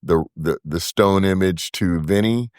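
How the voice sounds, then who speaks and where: A man with a very deep voice talks casually as a podcast guest. He often repeats a word or two while he hunts for a name. The sound is dry and close, with no room around it. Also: unhurried, no room sound. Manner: relaxed, repeats words while searching for names. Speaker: podcast guest, brewery co-founder. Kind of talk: casual interview talk.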